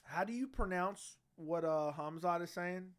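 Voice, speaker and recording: His voice is high-pitched, smooth and unhurried. As a brash young livestream host speaking into a studio dynamic mic, he reads chat and banters loosely, full of slang and swearing.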